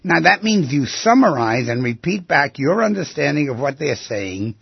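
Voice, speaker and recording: A man hosting a radio call-in advice show, brash and fast, stumbling over his words. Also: fairly high pitch, sing-song, vocal fry, husky, no echo, dull audio. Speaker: radio self-help host.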